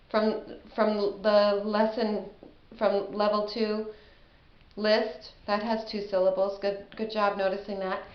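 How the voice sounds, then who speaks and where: A middle-aged woman teaches a casual spelling lesson and sounds out each word unhurriedly. Her voice sits a bit high, and her manner is chatty and self-deprecating. The audio is slightly dull and echoes off the room.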